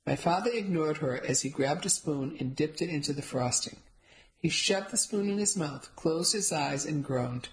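A woman's voice: low voice, expressive, normal speed, low-quality recording. A woman giving wry, amused first-person audiobook narration.

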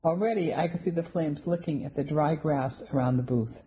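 A woman narrating a first-person story in a steady, scripted storytelling delivery. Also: low voice, normal speed, poor audio. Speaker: audiobook narrator.

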